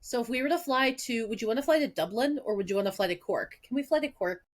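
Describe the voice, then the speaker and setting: Lively young woman telling stories. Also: fairly high pitch, fast. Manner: lively, acts out quoted dialogue. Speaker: podcast co-host. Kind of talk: casual chat, animated storytelling.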